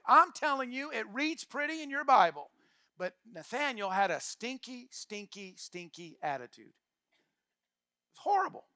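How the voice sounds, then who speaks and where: An older man preaching a sermon as pastor, emphatic, repeating key phrases and swinging from quiet asides to shouts. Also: high voice, dry recording, clean studio sound. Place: church.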